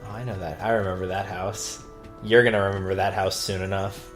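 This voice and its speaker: Teasing, animated male let's-play commentator. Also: deep voice, a little fast, faint music behind. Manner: animated, teasing, bursts into loud excitement. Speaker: game commentator. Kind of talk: casual let's-play chat.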